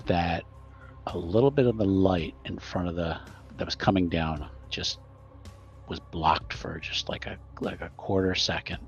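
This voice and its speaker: Deep, gravelly male game master. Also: unhurried. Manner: rambling with many fillers. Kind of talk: narrating a tabletop game. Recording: muffled audio with faint music.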